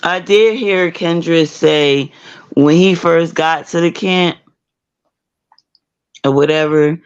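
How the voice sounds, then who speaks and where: A woman's voice: sits low, slow, smooth, highs cut off. A woman hosting a casual call-in commentary stream, talking with the hiccups and frequent restarts. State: has the hiccups. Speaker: livestream commentary host.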